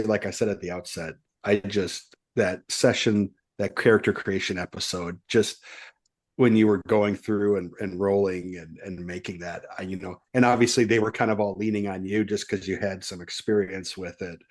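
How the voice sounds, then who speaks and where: Low-voiced man, podcast host asking questions. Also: a little mellow. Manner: earnest, roundabout questions. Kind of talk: interview questions.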